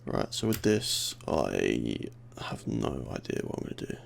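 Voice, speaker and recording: A young man with a lisp and a tired, worn voice, mumbling through a casual software tutorial while thinking aloud. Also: extremely low pitch, huge pitch swings, measured pace, gravelly, a little hiss or hum. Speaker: tutorial host. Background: keyboard clicks and typing.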